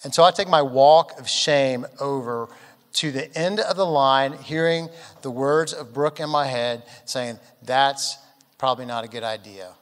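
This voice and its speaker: A man pastor telling a humorous personal story in a sermon, animated and acting out quotes. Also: medium pitch, a little slow, big-room sound. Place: large church auditorium.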